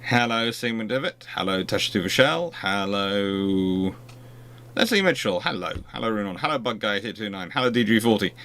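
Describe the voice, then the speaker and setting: A man's voice: fairly low pitch, expressive, normal speed, bright, forceful tone. A man hosting a livestream, chatting casually and rambling with frequent restarts. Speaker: host.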